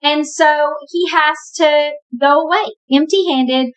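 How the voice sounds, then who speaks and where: A woman with a high voice retells a Bible story casually, as if chatting with friends. She adds wry, emphatic asides as she goes. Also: steady tone, takes it slowly, few pauses, poor audio. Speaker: Bible teacher.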